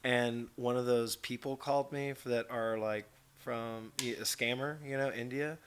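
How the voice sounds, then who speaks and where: A man, a stand-up comedian, guesting on a podcast and telling stories in an animated, profane way. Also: mid-range voice, measured pace, smooth. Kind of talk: casual chat.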